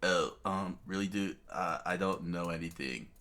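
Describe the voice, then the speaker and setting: A man's voice: sits low, normal speed, a bit bright. A man voicing a carefree young male pirate captain who talks in laid-back slang. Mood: sheepish. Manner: laid-back, says dude.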